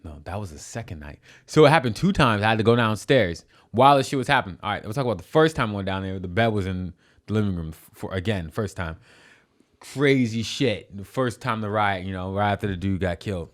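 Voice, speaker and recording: A young man with a fairly low voice tells a story in a loose, animated way. He swears constantly and restarts his sentences, with the easy flow of a podcast guest. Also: a little fast. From New York City. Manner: animated, profane, restarts often.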